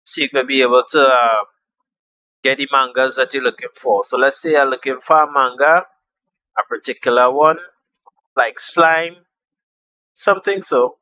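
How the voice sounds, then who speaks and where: A man's voice: medium pitch, normal speed, long pauses, bright, forceful tone, no echo, low-quality recording. A young man walking viewers through a phone app in a casual, chatty tutorial, repeating steps and trailing off with fillers. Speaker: tutorial host.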